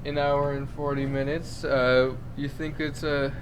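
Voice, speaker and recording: A man's voice: fairly high pitch, level tone, unhurried, background noise. A man hosting a casual podcast, chatting and joking with friends as he wraps up the episode. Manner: joking, wraps up the show with playful outro. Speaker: podcast host. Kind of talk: casual chat among friends.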